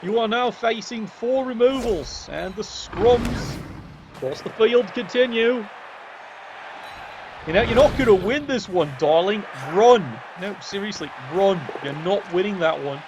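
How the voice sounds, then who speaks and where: A commentator whose high-pitched voice sits well above the usual male range calls a game match at a measured pace, with a dry, mocking edge. He swears casually and addresses the players directly, while a clear wash of background noise hums throughout.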